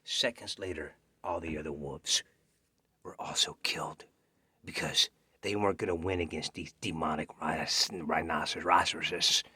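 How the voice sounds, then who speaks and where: A man's voice: rumbling low, fairly even intonation, moderate pace, sharp tone, slightly rough, no echo. A man auditioning with a dramatic scary story, dropping into whispers for suspense. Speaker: actor auditioning. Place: home self-tape.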